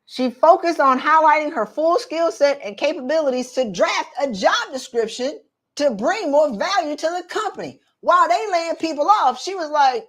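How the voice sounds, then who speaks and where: A middle-aged woman, coaching viewers in an animated, direct, slangy way on a live stream. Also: high voice, moderate pace. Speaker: career coach for women.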